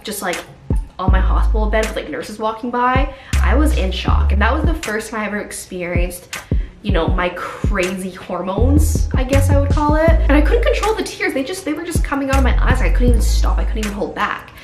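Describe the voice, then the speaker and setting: A young woman, a new mother, telling her story openly and emotionally, sometimes quoting herself in a higher, strained voice. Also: lively intonation, fairly quick. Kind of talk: candid personal storytelling. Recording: echoey room with music behind.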